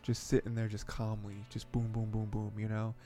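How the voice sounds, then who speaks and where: A man's voice: on the low side, completely flat delivery, normal speed, warm tone, soft background music. A man hosting an anime podcast, recapping episodes in a rambling, chatty way with frequent chuckles and fillers. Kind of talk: casual episode recap and commentary.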